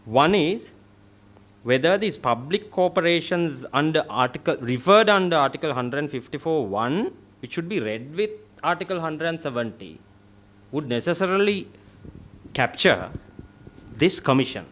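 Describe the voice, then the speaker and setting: Formal Sri Lankan legal officer reading clauses. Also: male voice, fairly high pitch, very animated, fairly bright tone. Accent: Sri Lankan English. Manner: deliberate, formal, reads clauses aloud with stressed words. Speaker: legal officer answering the committee. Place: parliament committee room.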